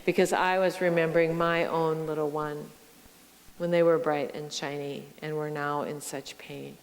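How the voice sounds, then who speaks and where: A middle-aged woman pastor giving a sermon, telling stories slowly and reflectively and speaking straight to her congregation. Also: low voice, flat delivery, a little hiss or hum. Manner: slow, reflective storytelling with direct address to the congregation. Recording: long church reverb.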